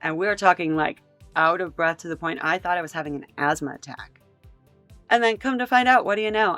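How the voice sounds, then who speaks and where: A woman's voice: fairly low pitch, moderate pace, fairly bright tone, dry recording, faint music behind. A woman hosting a reaction video, talking in an exasperated, incredulous and emphatic way. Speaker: commentary host. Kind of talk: reaction commentary.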